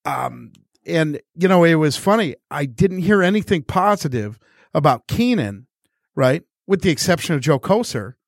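A man's voice: on the high side, very animated, moderate pace, gravelly, no echo, clean studio sound. A man co-hosting a sports podcast in casual chat, wry and teasing, with short chuckles. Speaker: podcast co-host.

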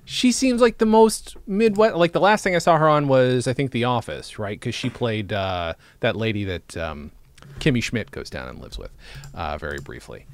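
A man co-hosts a relaxed podcast conversation, his pitch rising and falling with lots of life. He laughs easily and sometimes trails off into quiet asides. The sound is dry and close, with little room around it. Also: normal speed, clear, resonant tone, dry recording. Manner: animated, laughs often, trails off into low asides. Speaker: podcast co-host. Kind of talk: casual podcast chat.

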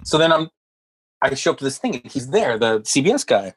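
A man in mid-pitch tells a comic story in a casual chat, laughing often and jumping into voices for the people in it. The sound is dry and close, with no room around him. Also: brisk, husky, dry recording. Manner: animated anecdote-teller who keeps acting out quotes. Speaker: comedian and writer, guest.

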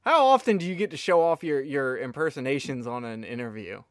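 A man hosts a casual podcast in a middle-pitched voice that sounds smooth and clear. He rambles with enthusiasm and swears freely. His sound is close and dry. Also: expressive, fairly quick, dry recording. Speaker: podcast host.

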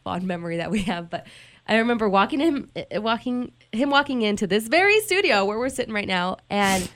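A woman's voice: mid-range voice, sing-song, fairly quick, a bit bright. A woman in a studio, candidly telling an emotional personal story with lots of "like" and restarts. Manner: candid, heavy use of "like" and restarts. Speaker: guest telling her story. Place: radio studio.

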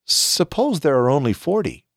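A man's voice: fairly high pitch, big pitch swings, normal speed, no echo, studio quality, voice pushed up. A man reading the part of an elderly patriarch in scripture, earnest and imploring. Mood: pleading. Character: pleading elderly male patriarch bargaining.

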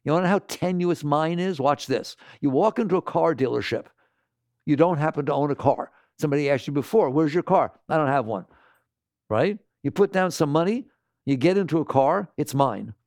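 A man teaching spiritual ideas to a live audience, rhetorical and animated, constantly asking the listeners questions. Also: a little high, brisk, no room sound, studio quality. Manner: animated, slips into mocking quoted voices.

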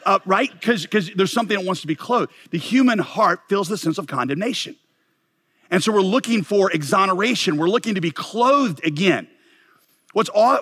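A man preaching a sermon, swinging from loud rising questions to low, quiet emphasis, with joking asides to the congregation. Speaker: pastor.

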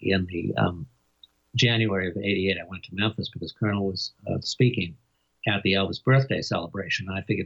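Older male biographer, low husky voice, chuckling anecdotal delivery, muffled lo-fi recording. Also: fairly bright tone. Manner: chuckles often, halting with fillers. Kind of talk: interview storytelling. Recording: dull lo-fi recording.

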